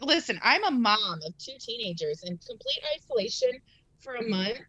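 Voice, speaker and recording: Bright, lively woman guest on a call. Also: on the high side, moderate pace, creaky, slightly rough, no echo, rough recording. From Iowa. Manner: hesitant, full of fillers, laughs easily. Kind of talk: casual chat over a video call. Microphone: video call.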